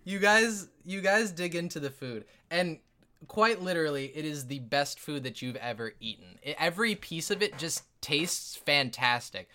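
Bright-voiced rambling game master. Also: mid-range voice, lively intonation, moderate pace. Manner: rambling, laughing. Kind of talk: narrating a tabletop game.

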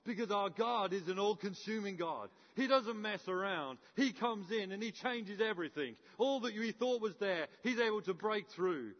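High-voiced preacher in a reverberant hall. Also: male voice, expressive, moderate pace, hardly any pauses. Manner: storytelling, acts out characters with playful humour. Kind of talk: sermon. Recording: muffled with long hall reverb.

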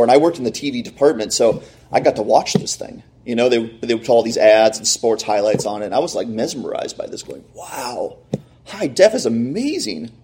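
A middle-aged man telling a personal story in a sermon, acting out the voices of the people he quotes. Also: mid-range voice. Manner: animated, acts out quoted voices.

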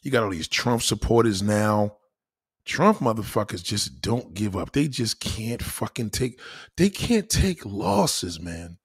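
A man delivering a crude, profane comedic rant to his viewers, swinging between low mutters and loud high exclaims. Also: sing-song, measured pace, slightly rough. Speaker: vlogger ranting to camera.

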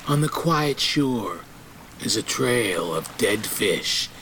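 A man's voice: on the low side, expressive, slow, pushed and bright, a little hiss or hum. A man giving dramatic, suspenseful scripted narration for an audio comedy.

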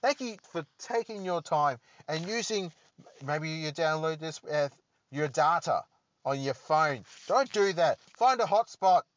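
A man's voice: on the high side, lively intonation, a little slow. Rambling, joking man on a podcast. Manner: rambling, joking, self-deprecating. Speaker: podcast host. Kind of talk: solo podcast monologue. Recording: dull lo-fi dry recording.

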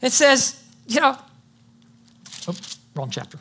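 A high-pitched, bright-toned pastor preaching with punch and rhythm. The voice rises on declarations, calls for the congregation's response, then reads scripture aloud. It eases into a softer, lower register for personal reflection. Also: sing-song, slow, breathy edge. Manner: emphatic preaching with call-and-response. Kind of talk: sermon.

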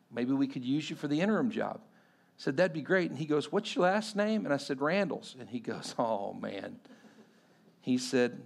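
A man in his forties from Texas, preaching a sermon and telling a personal story, acting out the people he quotes and swinging between loud and hushed delivery. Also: on the high side. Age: 40s. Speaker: pastor.

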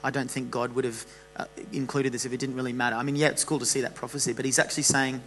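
A man preaches in a relaxed, animated way, joking and restarting his sentences as he goes. His voice sits at an ordinary middle pitch. A faint mains hum runs under the recording. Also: fast talker, hardly any pauses, rough recording. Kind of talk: sermon.

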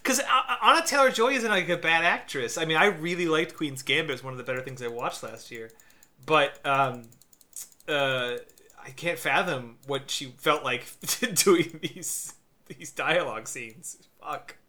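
A man co-hosting a casual podcast chat, halting and full of fillers, often laughing mid-sentence. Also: a little high, bright, forceful tone. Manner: halting, filler-heavy, laughs while talking. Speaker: podcast co-host.

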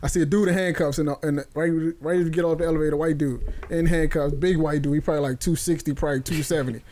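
A man's voice: fairly high pitch, fairly even intonation, fast talker, mellow. A man hosting a podcast, telling a wild work story in casual, profane chat, laughing as he goes. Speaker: podcast host.

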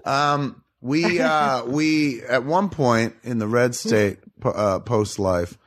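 A man's voice: medium pitch, takes it slowly. A man in casual chat, telling a rambling story and swearing freely.

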